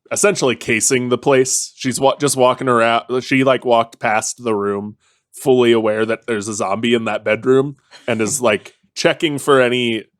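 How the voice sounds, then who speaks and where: A man's voice: mid-range voice, no echo. A laid-back man playing a tabletop game, blunt in what he says. His voice is recorded dry and close, with no room sound. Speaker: player. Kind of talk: casual tabletop play.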